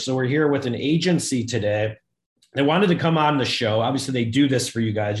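Casual male podcast host, echoey room. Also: medium pitch. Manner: loose, energetic, casual with slang and swearing.

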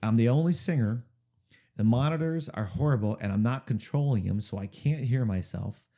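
A warm-toned man with a mid-range voice speaks at normal speed while guesting as a singer-songwriter. He tells a long, wandering story in a relaxed interview, frequently asking "okay?" to check on the listener.

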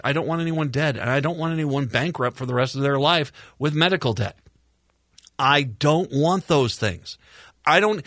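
A man's voice: mid-range voice, a bit bright, no echo, studio quality. A male radio talk show host from Minnesota, chatting casually with rambling repeats and sarcastic asides. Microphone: studio microphone.

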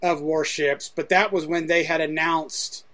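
A man from Ohio co-hosting a podcast, chatting in a relaxed way and telling stories. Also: a little high, measured pace. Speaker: podcast co-host. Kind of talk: casual podcast chat.

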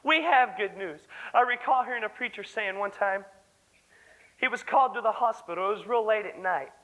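Earnest young preacher, high bright voice. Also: male voice, moderate pace, muffled recording. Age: young adult. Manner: earnest, fervent preaching, breaks into song. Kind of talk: sermon.

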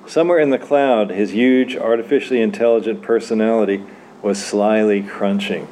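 A man reading his own story aloud at a church literary evening, in a mellow, relaxed voice. His delivery is wry, and he chuckles at his own lines, with a faint hum of the room behind him. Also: fairly low pitch, moderate pace.

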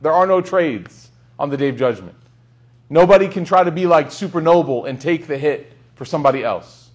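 A man's voice: on the high side, slightly rough. A young man giving a casual, joking lecture on Islamic teachings to a class, asking the students questions.

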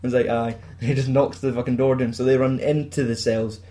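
A man's voice: mid-range voice, steady tone, fairly quick, dark tone. Scottish man, sweary laughing storyteller. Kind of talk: casual chat retelling a film plot.

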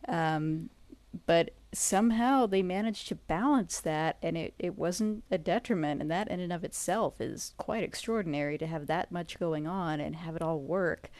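A woman's voice: lowish voice, normal speed, a little mellow, no echo. A woman in a casual podcast discussion, thoughtful and articulate, speaking in long flowing sentences.

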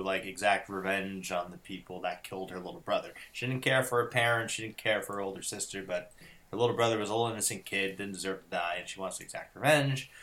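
A man's voice: fairly low pitch, fairly bright tone. A young man co-hosting a casual chat, rambling with lots of fillers and restarts. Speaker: podcast co-host.

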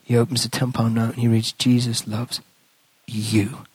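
A man's voice: medium pitch, moderate pace, slightly rough, dry recording. A man, a priest and guest speaker, telling a story in a sermon and acting out the conversations in it. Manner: animated storytelling, acts out dialogue, hushed in tender moments.

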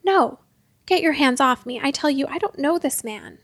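Lady reading scared but defiant young guy, formal, high dry voice. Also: huge pitch swings, moderate pace, vocal fry, a little mellow, no echo, exaggerated voice. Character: frightened, defiant tall thin young man.

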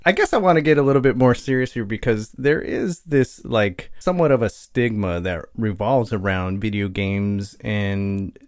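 A man's voice: on the low side, lively intonation, normal speed, few pauses, a little mellow, dry recording, clean studio sound. A man hosting a casual podcast and asking his guests friendly questions. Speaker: host.

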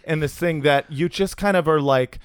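A man hosting a comedy podcast, chatting casually, laughing and riffing with animated energy. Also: fairly high pitch, smooth, dry recording, clean studio sound. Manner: animated, laughing, quick to riff and do voices.

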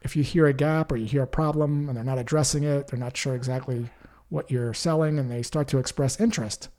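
Calm man coaching cold calling. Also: mid-range voice, fairly quick. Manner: calm, coaching, acts out example call lines. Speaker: sales trainer. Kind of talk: instructional talk with sample call scripts.

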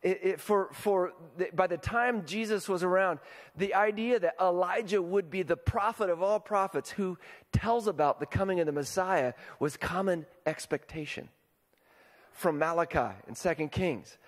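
A pastor delivers a sermon in a high-pitched voice at a moderate pace, talking conversationally and often asking the congregation questions to check in with them. The sound is that of a big room.

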